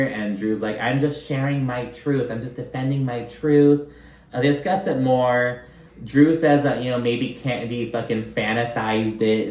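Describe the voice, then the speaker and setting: A man's voice: mid-range voice, reverberant. A man giving a casual, chatty recap of a reality show, swearing freely and acting out the cast's lines. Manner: chatty, animated, swears often, acts out quotes.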